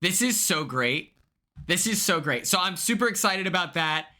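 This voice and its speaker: A young man chatting casually on a stream, excitable and laughing often. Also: sits high, moderate pace.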